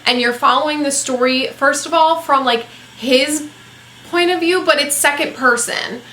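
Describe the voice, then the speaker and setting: A woman's voice: high voice, moderate pace, sharp tone, roomy sound, a little hiss or hum. A woman chatting casually about books she disliked, blunt and rambling, with lots of fillers and some swearing. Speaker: book vlogger. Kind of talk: casual book review chat.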